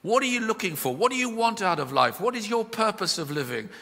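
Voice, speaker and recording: A man preaching a live sermon in a church, expressive and full of questions to his listeners. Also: sits high, brisk, gravelly. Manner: expressive, questioning, voices the Bible figures in his retelling. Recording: hall reverb from a live church.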